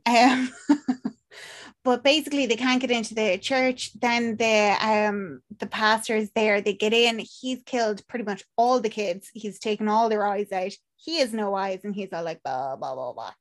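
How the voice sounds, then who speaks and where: On a podcast she co-hosts, a young Irish woman chats through a film's plot, acting out the characters with lively storytelling and plenty of swearing. Her pitch is on the high side and her pace a little slow.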